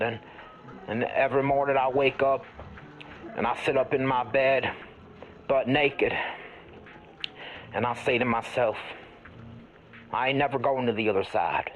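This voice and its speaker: A man playing an eccentric, folksy ghost hunter who tells rambling stories with deadpan earnestness in an improvised comedy interview. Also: medium pitch, muffled recording, natural voice.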